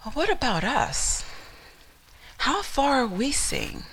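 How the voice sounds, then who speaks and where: A woman's voice: high voice, very animated, takes it slowly, a bit bright. A woman giving a motivational talk, telling a story dramatically and asking the listener questions. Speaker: motivational speaker.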